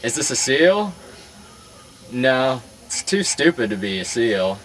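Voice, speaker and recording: A man's voice: mid-range voice, sing-song, takes it slowly, a bit bright, pitched above the performer's own voice, low-quality recording. A man voicing a mocking old male circus clown who taunts and jeers at a man in the crowd.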